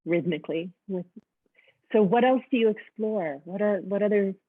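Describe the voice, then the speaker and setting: A woman's voice: medium pitch, moderate pace, slightly rough, no room sound. Woman host on tinny call audio. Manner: attentive, summing up and asking questions. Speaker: host, education director. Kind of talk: hosted webinar interview.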